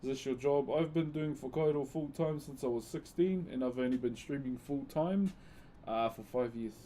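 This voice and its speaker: A man's voice: medium pitch, moderate pace, warm tone, slight background noise. A man chatting casually on a live stream, thanking viewers by name and using Maori words. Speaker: live streamer and wood carver.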